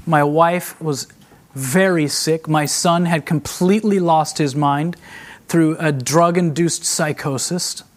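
A middle-aged man preaching a sermon as a traveling preacher, emotional and confessional, swinging between hushed and raised delivery and addressing the congregation as friends. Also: a little high, slow.

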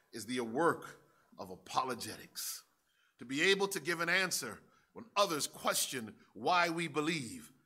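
Forceful, high-voiced male preacher. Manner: dramatic, builds to shouts. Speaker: pastor. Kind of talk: sermon.

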